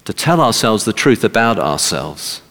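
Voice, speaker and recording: A man's voice: lowish voice, big pitch swings, moderate pace, a bit bright, in a large hall. A man preaching a sermon emphatically, repeating words for stress.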